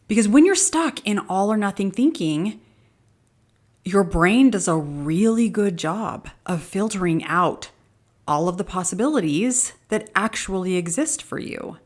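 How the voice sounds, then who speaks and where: A middle-aged woman hosting a podcast, talking casually and earnestly, animated and laughing easily. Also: fairly low pitch. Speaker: podcast host. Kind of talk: casual motivational podcast talk.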